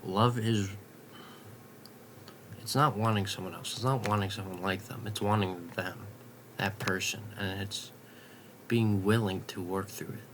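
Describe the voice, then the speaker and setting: Low-voiced young man rambling late at night. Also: steady tone, unhurried, pauses often, noisy background. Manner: rambling, profane, drifts into soft half-whispers. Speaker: vlogger.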